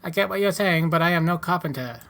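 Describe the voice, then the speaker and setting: A man's voice: on the high side, fast talker, fairly bright tone. A man with a Canadian accent voicing a polite, bookish settler who talks formally in a video game. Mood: reluctant.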